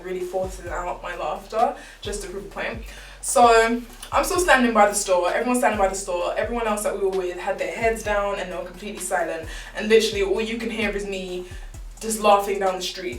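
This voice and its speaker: Young woman telling a story. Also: mid-range voice. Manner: animated, candid, slangy. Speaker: vlogger. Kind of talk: casual storytime narration. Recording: roomy, distant mic, faint background music.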